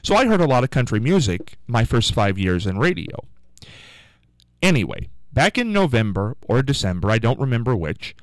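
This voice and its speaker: A male radio host spins a long, self-deprecating story in a chatty, rambling way, his pitch swinging widely from line to line. His voice is smooth and resonant. It sounds dry and close, straight off a studio microphone. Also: very animated, normal speed, no echo. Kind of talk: casual on-air storytelling.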